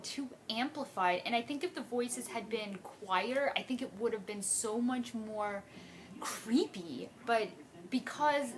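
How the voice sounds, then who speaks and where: Exasperated young woman ranting about a film. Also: fairly high pitch. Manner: animated and exasperated, with rising outbursts. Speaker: book fan reviewing a film adaptation. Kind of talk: casual video review rant.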